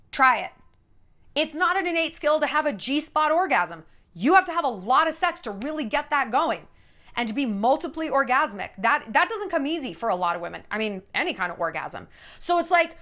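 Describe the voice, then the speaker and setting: A woman in her thirties giving blunt, sassy dating advice in a casual vlog monologue. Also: high voice. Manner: blunt, sassy, animated storytelling.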